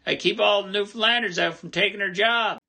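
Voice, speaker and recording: A man's voice: sits high, brisk, gravelly, sharp tone, voice pushed up, heavily acted. Man doing a scheming radio caller.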